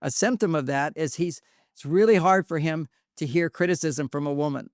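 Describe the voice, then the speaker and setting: A man's voice: fairly high pitch, moderate pace, no echo, studio quality. An older man, a guest relationship expert, telling personal stories in an earnest, confiding way that circles back and restarts. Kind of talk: reflective personal storytelling.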